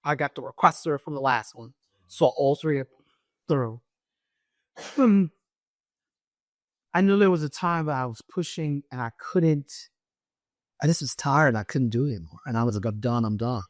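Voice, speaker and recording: A middle-aged woman with a naturally loud voice, a guest telling an emotional personal story and acting out what others said. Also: deep voice, normal speed, pauses often, no echo, clean studio sound. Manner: animated, acts out what others said.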